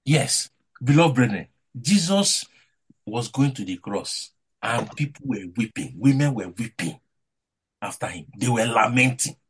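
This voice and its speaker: A male preacher with a lively voice that swings high and low. His tone is slightly husky. He delivers a devotional sermon with emphatic, rising and falling phrasing. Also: unhurried.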